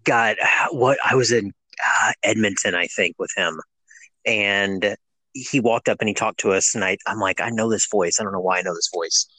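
Podcast host dude, low voice, dry sound, rambling stories. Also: male voice, normal speed, pushed and bright, no echo. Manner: conversational, storytelling, many fillers. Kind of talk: casual interview chat.

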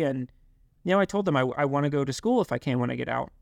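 A young man telling his life story in an interview, halting, with many fillers and restarts. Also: mid-range voice, vocal fry, no echo. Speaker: guest. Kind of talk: reflective interview talk.

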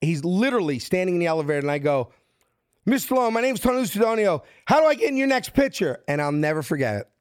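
A middle-aged man from South Philadelphia with a Philadelphia accent, telling his story with lively acted-out quotes. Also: clean tone, no echo, studio quality. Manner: acts out quotes with shifting pitch, lively and fast. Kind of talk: animated storytelling.

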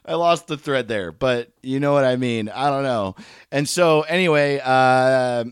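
A man's voice: mid-range voice, animated, unhurried, clear, resonant tone, no echo, studio quality. A man hosting a solo podcast, talking candidly and rambling, with lots of swearing and laughing at himself. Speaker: podcast host.

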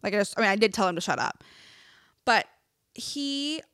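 A young woman telling a story in casual chat, animated and full of "like", swearing freely. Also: mid-range voice, normal speed, clear, resonant tone, no echo, clean studio sound. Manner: animated, filler-heavy with constant "like", swears freely. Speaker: podcast co-host.

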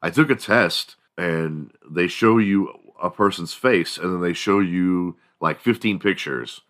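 A man's voice: deep voice, measured pace, fairly bright tone. A man in his forties hosting a show, talking in a loose, rambling and profane way as he tells stories. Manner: profane, rambling, laid-back storytelling. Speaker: podcast host. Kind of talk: casual rambling monologue.

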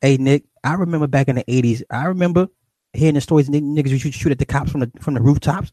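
A man's voice: medium pitch, quick pace, mellow, no echo. A middle-aged man streaming to his viewers in a casual, profane rant, repeating and restarting phrases as he goes.

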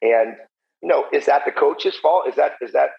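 A man's voice: mid-range voice, moderate pace, gravelly. A man and former pro hockey player, a podcast guest who talks in a blunt, profane, heated way. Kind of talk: casual podcast chat. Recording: muffled lo-fi audio.

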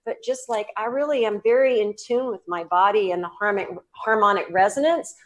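Southern woman on an interview, lively and chatty, lots of ums and laughs, mid pitch. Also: a little fast. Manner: animated, laughing, with many fillers and restarts. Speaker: guest psychic medium. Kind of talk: casual interview talk.

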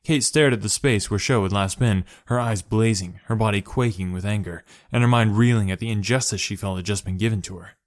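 A man reads a story aloud in a steady narrating voice, lower than most. The recording is dry and close, with no room around it. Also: brisk, few pauses, dry recording. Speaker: story reader.

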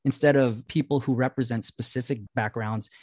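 A man's voice: mid-range voice, fairly even intonation, moderate pace, darkish tone, dry recording. A man co-hosting a casual podcast, laying out his view at length after reading a listener's email. His voice sits in a middle register. The sound is dry and close, with no room around it. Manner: reads listener mail aloud, then explains his view at length. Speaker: podcast co-host.

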